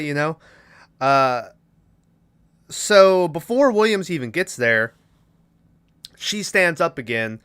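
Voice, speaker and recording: Bright, smooth-voiced man recapping a film. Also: mid-range voice. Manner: rambling retelling, acting out character lines. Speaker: podcast co-host. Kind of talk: casual movie recap.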